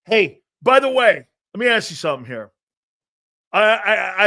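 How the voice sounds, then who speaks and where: Man, middle-aged, from Connecticut, high-pitched, sports talk host, jokey, excitable, loud outbursts. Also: a little slow. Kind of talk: live sports talk, reading viewer chat.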